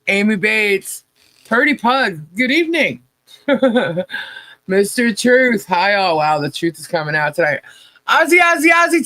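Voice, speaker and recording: Hoarse woman hosting a relaxed livestream. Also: medium pitch, dry recording. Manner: chatty, laughs often while greeting viewers. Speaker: podcast co-host. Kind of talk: casual livestream chat.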